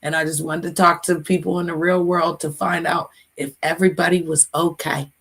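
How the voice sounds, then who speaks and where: A middle-aged woman hosting a casual livestream, chatty and emotional, giving shout-outs to her chat. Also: fairly low pitch, little pitch movement, brisk, husky. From United States. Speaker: livestream host.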